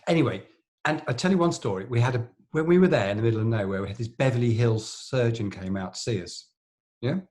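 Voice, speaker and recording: A man's voice: medium pitch, quick pace, darkish tone. A middle-aged man, a plastic surgeon co-hosting a podcast, telling long anecdotes in casual chat with lots of fillers and restarts.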